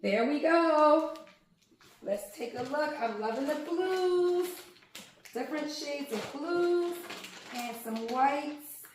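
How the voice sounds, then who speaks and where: A woman's voice: high-pitched, lively intonation, slow, pauses often, a little hiss or hum. A woman, vlogging at home as she unpacks yarn and gushes over each skein. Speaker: crafting vlogger. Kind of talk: casual unboxing vlog. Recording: very echoey room.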